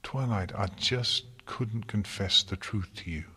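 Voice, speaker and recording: A man voicing a regal, motherly pony princess who speaks softly and pleads with guilt, in an audiobook reading. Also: lowish voice, unhurried, breathy edge, exaggerated voice. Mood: pleading. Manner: soft, pleading, tender.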